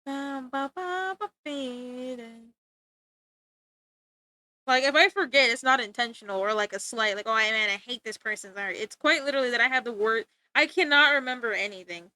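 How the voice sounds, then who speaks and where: Bubbly high-voiced woman streamer. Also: moderate pace, sharp tone, no room sound. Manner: bubbly, laughs often, talks to chat. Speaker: art streamer. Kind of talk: casual livestream chat.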